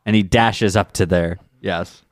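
A man co-hosting a podcast in casual chat, laughing often and restarting his sentences as he rambles excitedly. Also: deep voice, a little slow, dry recording. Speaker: podcast co-host.

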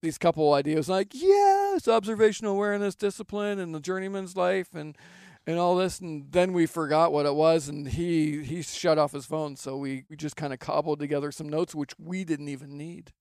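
A middle-aged man hosting a podcast, chatting casually and teasing his guest with quick laughs. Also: a little high, steady tone, a little mellow, no room sound, studio quality. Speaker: podcast host. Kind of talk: casual conversational podcast chat.

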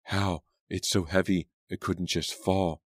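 A blunt teenage girl who brushes ideas off, read by a man in his own very deep voice. The sound is dry and close-miked. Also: fairly even intonation, a little slow, dry recording. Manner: blunt, dismissive. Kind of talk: audiobook character voice.

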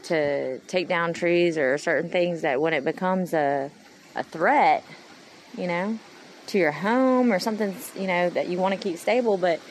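A woman's voice: fairly low pitch, a little slow, slight background noise, rough recording. A woman in her thirties talking in a rambling, earnest personal monologue to her followers. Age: 30s. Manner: meandering, earnest, heartfelt. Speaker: vlogger.

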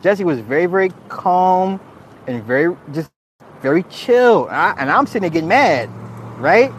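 A man giving casual livestream commentary, animated and laughing often, swearing freely and restarting his sentences. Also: sits high, normal speed, slight background noise. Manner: frequent restarts and repeated words. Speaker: streamer reacting to viewer comments.

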